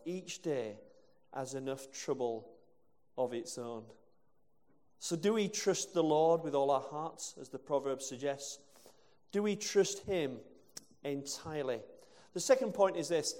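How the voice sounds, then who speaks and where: A man's voice: a little high, expressive, a little slow, warm tone. A male preacher from England giving a conversational sermon with rhetorical questions and asides. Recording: long hall reverb.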